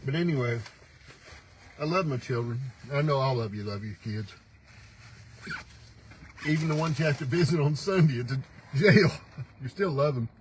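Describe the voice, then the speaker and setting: A man's voice: medium pitch, normal speed, long pauses, slight background noise, poor audio. An older man hosting a casual morning livestream, folksy and teasing, laughing often as he talks. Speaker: host. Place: pickup truck.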